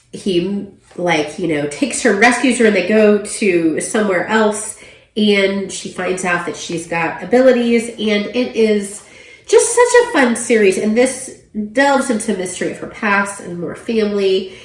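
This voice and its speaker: A woman giving a casual book review, chatty and full of ums and you-knows. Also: medium pitch. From Oklahoma, USA. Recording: roomy echo.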